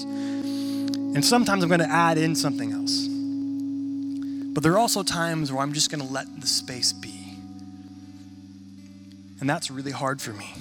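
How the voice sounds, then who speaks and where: Man, sermon, conversational and animated, fairly high voice, faint background music. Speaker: pastor.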